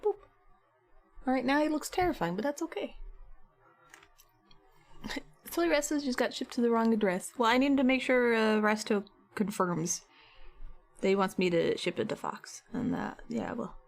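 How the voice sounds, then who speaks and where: A woman's voice: on the high side, animated, normal speed. A woman art streamer chatting casually while sculpting on a live stream, rambling with lots of filler words.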